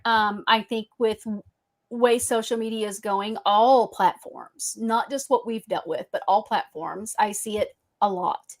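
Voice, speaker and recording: A woman's voice: medium pitch, measured pace. A woman with a Southern, Cajun-tinged accent hosting a casual podcast chat, drawling and laughing often. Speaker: podcast host.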